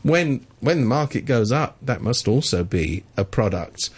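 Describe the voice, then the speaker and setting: A man co-hosts a radio talk show from the studio, chatting casually about politics with sardonic mockery and imitations of officials. His medium-pitched voice is expressive and unhurried, with a breathy edge.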